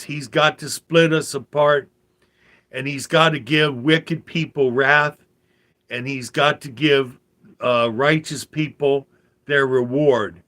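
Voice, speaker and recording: An older man giving a rambling religious commentary monologue, talking slowly with fillers and repeated phrases. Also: on the high side, a bit bright. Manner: slow, meandering talk with fillers and repeated phrases. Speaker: vlogger.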